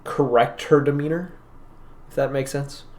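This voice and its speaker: A man's voice: mid-range voice, steady tone, normal speed, a little mellow. A man narrating a tabletop game as game master, talking casually with lots of fillers. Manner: casual, many fillers and hedges.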